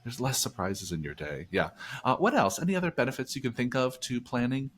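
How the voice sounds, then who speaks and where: Quick and a little bright, this mid-range male voice swings widely in pitch. He's a New Jersey podcast host keeping a business show chatty and upbeat, frequently starting phrases over in casual conversation.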